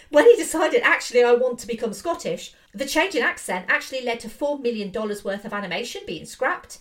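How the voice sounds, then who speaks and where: A woman gives a casual film commentary, her voice sitting a little high and moving lively up and down. She talks with enthusiasm and strong opinions. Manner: enthusiastic, opinionated, fillers and restarts. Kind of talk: casual video essay.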